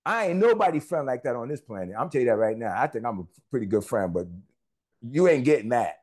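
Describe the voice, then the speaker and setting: A man's voice: mid-range voice, sing-song, quick pace, darkish tone. A man preaching a sermon, emphatic and repetitive, with conversational asides to the congregation.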